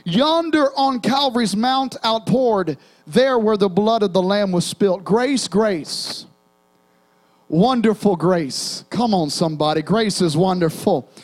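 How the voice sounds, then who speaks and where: A man's voice: sits high, animated, slow pace. A young man preaching a sermon as a pastor in a church, calling out to the congregation and half-singing hymn lines. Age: young adult. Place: church sanctuary.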